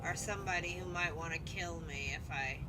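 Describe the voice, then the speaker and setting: A woman's voice: fairly low pitch, fairly quick, heavy background noise. A woman streaming a video game, chatting playfully and swearing freely with muttered asides, over game music. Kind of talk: casual gameplay commentary.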